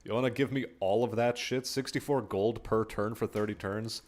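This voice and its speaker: A man's voice: fairly low pitch, fairly even intonation, moderate pace, a little mellow. A man casually commenting while he plays a strategy game on stream, laid-back and swearing now and then.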